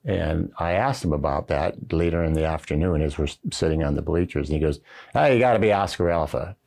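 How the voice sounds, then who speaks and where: Older man, very deep voice, gravelly, retired general, folksy storytelling, recorded interview. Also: a little fast, darkish tone. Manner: folksy anecdotal storytelling with frequent fillers. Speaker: retired Marine general telling stories. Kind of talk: recorded oral history interview. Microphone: camera setup with interviewer behind it.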